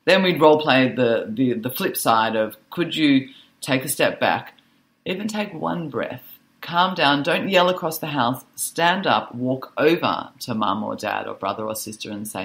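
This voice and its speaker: A woman guest on a podcast talks in an animated, storytelling way and laughs often. Her pitch moves a lot, climbing high when she gets excited. She speaks in a relaxed conversational style. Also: normal speed. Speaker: guest, social worker and author. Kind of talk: conversational interview.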